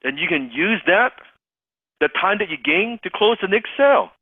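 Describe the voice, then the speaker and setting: Emphatic male sales trainer, swooping pitch. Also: animated, moderate pace, breathy edge, no room sound. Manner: emphatic, repeats key points. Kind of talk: interactive sales coaching session. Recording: tinny phone-like call audio.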